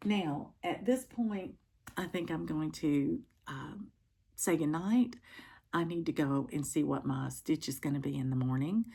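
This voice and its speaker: A middle-aged woman chatting casually to camera from home as a stitching vlogger, with frequent ums and pauses. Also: low-pitched, vocal fry, dark tone, slightly rough.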